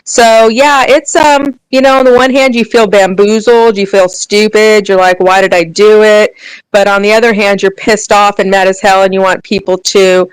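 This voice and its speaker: Woman, guest in live audio chat, earnest, indignant, smooth resonant voice. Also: mid-range voice, steady tone, normal speed, few pauses, dry recording, poor audio. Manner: earnest and indignant, many fillers. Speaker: guest speaker. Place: remote live audio room.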